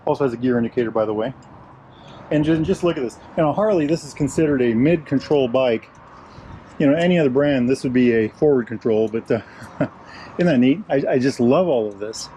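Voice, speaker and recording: A man's voice: mid-range voice, a little fast, mellow, a little hiss or hum. An older man reviewing a motorcycle outdoors in a casual, enthusiastic style. He keeps repeating his praise. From United States. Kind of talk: casual review walk-around. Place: outdoors at a motorcycle dealership lot.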